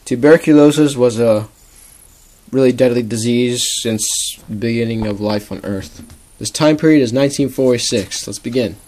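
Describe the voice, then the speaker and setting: A man's voice: medium pitch, normal speed, darkish tone, a little hiss or hum. A young man casually narrating a homemade comic story, rambling with lots of "like". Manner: rambling, full of "like".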